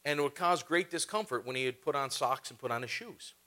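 A young man preaching a sermon, telling healing stories in a lively, animated way and acting out his own reactions. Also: mid-range voice, a little fast.

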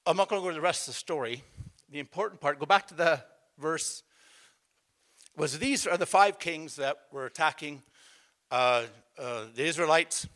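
A man's voice: fairly high pitch, normal speed, fairly bright tone. A man preaching a sermon, emphatic and calling out to the congregation, with a conversational storytelling manner full of restarts. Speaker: pastor.

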